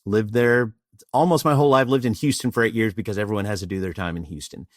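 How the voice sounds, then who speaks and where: A man's voice: on the low side, fast, dry recording, clean studio sound. A middle-aged man from Austin, Texas, a presentation coach telling a story in an interview and acting out bits of dialogue. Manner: animated, acts out dialogue.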